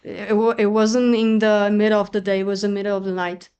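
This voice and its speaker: A woman's voice: medium pitch, level tone, a little fast, a little mellow, smooth. A woman whose first language is Portuguese, a podcast guest talking casually in English, hesitant, with many fillers and restarts.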